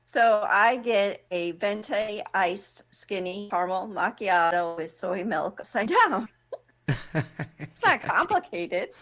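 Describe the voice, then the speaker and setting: A woman's voice: medium pitch, animated, takes it slowly, fairly bright tone, no room sound. A woman on a podcast team, talking casually with fillers and laughter. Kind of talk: casual chat.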